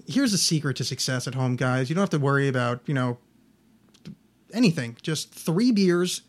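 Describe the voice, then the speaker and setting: A man's voice: medium pitch, lively intonation, brisk. A man hosting a casual comedy podcast in a studio, joking, self-deprecating and stumbling over long words. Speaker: podcast host. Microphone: studio microphone.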